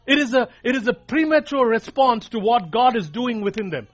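A preacher with a notably high, expressive voice speaks at normal speed in an emphatic sermon, repeating lines to drive home his key points and calling the congregation "guys." The recording sounds dull and lo-fi, with muffled highs.

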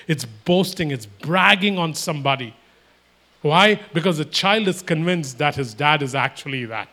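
Male preacher, voice on the higher side, emphatic, sermon delivery. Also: lively intonation, moderate pace, pushed and bright. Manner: emphatic, repetitive, voices imagined exchanges.

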